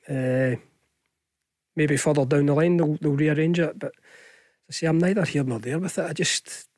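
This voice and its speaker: A man's voice: a little high, moderate pace, a little mellow, no echo, clean studio sound. A Scottish man giving casual football punditry on radio, chatty and hesitant with frequent restarts. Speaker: football pundit, former player. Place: radio studio. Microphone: studio microphone.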